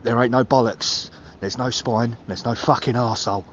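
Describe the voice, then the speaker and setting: Angry bloke ranting down a muffled phone, faint traffic behind, swears a lot. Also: male voice, mid-range voice, fairly even intonation, moderate pace. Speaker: caller. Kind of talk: voicemail rant.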